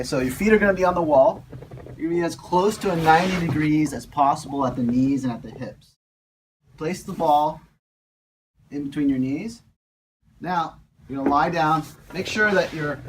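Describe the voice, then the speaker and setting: A man calmly talking through an exercise step by step as a fitness instructor, often repeating his words. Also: fairly high pitch, normal speed, noisy background. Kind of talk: casual exercise demonstration.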